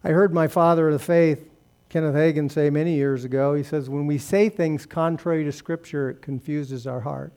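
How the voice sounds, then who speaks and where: A man preaching a sermon in a church service, speaking earnestly and dropping soft when he prays. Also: on the high side, fairly even intonation, normal speed. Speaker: pastor. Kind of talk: sermon and closing prayer.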